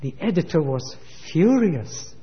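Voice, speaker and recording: A man's voice: on the high side, sing-song, a little slow, big-room sound, muffled recording. A man preaching a sermon, retelling stories and quoting voices with feeling. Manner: storytelling with acted quotes.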